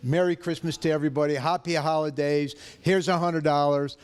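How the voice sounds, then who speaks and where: A man from the area pitching his own car dealership in a loud, brash, excitable TV ad style. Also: fairly quick, clean tone. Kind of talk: hyped dealership TV ad.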